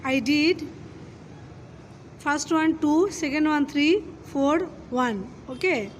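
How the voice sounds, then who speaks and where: A woman teacher, reading a children's poem aloud and then explaining it step by step, often pausing to address the children. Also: high voice, slight background noise. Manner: reads slowly, then explains step by step with frequent "okay" and "children". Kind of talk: classroom poem lesson.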